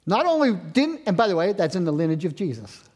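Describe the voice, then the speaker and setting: A man in his sixties, a pastor preaching a sermon, moving from loud emphatic lines to hushed near-whispers. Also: high-pitched, very animated, fairly quick.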